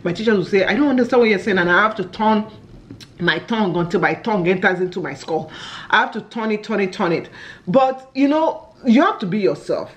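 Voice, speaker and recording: A Nigerian woman with a Nigerian English accent chats as a family vlogger while eating on camera. She's a lively storyteller who exclaims often, speaking at a medium pitch and a fairly quick pace.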